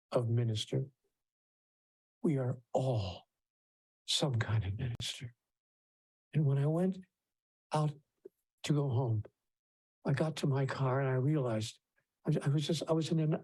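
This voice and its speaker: Animated storytelling man. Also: on the high side. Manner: anecdotal, with frequent restarts and acted-out voices. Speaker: keynote speaker and author. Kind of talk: storytelling conference talk.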